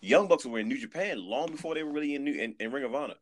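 A man in casual podcast chat, animated and emphatic, often restarting his sentences. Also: mid-range voice, rapid-fire. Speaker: podcast guest.

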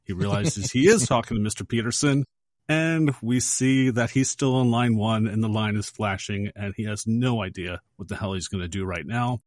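A man co-hosting a casual movie podcast, retelling a film scene step by step in a lively, storytelling way. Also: on the low side, moderate pace, no room sound, clean studio sound. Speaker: podcast co-host.

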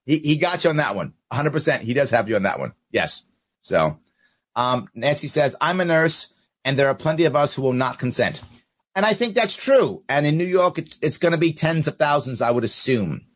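A man's voice: fairly high pitch, moderate pace. A man hosting his own political podcast, talking straight to his viewers in casual commentary and reading out their comments. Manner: animated, talks straight to viewers, reads out comments. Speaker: podcast host.

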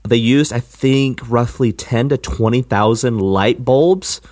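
A man's voice: medium pitch, slow, a little mellow. A young man co-hosting a casual movie podcast, laid-back and trailing off into fillers. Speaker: podcast co-host.

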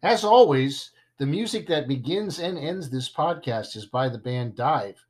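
A man's voice: medium pitch, lively intonation, a little slow, darkish tone. Man, podcast host, casual chat, playful, self-deprecating. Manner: playful, self-deprecating, stumbles over words.

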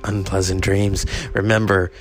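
Gravelly-voiced man hosting a podcast. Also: low-pitched, flat delivery, soft background music. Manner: reflective, unhurried storytelling. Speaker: podcast host. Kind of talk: casual spoken tribute.

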